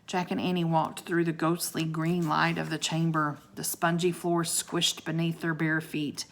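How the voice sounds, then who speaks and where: A woman's voice: low voice, little pitch movement, measured pace. A woman reading a children's book aloud, with chatty asides to her listeners. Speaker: storybook reader.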